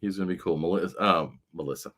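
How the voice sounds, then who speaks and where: A man's voice: low voice, quick pace, fairly bright tone. A man hosting a casual livestream chat, rambling along with frequent fillers. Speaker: livestream show host.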